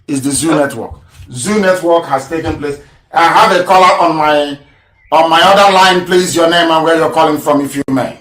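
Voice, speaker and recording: A man's voice: a little high, normal speed, a bit bright, roomy sound, far from the mic. A man hosting a live call-in question and answer, who repeats callers' names and keeps urging them to go ahead. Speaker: host taking callers.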